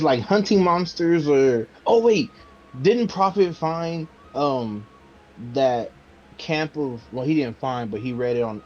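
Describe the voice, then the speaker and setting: A man taking part in a casual tabletop game and thinking out loud. He hesitates often and leans on filler words. His mic sounds dull and lo-fi, with faint music in the background. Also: medium pitch. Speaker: player.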